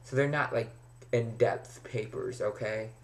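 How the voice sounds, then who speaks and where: A man's voice: medium pitch, measured pace. A young man talking casually to camera in a rambling video diary, now and then dropping to a near whisper. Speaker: vlogger.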